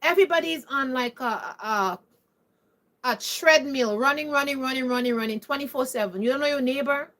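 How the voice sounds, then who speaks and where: High-voiced woman. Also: moderate pace, a bit bright. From Caribbean. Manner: emphatic, preachy, repeated rhetorical questions. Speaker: vlogger. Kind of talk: opinionated monologue to camera.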